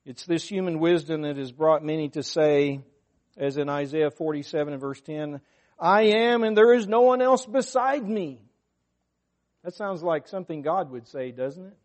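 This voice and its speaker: A man's voice: a little high, expressive, moderate pace, a little mellow. A man preaching a sermon to his congregation, earnest and emphatic, rising in force when he quotes scripture. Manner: unscripted, talks to the congregation.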